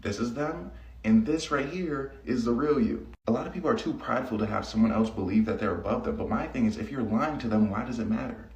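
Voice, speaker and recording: A man's voice: medium pitch, brisk, darkish tone, roomy sound, recorded from a distance, highs cut off. A man delivering a casual advice monologue, cocky and conversational, telling stories from his own dating life.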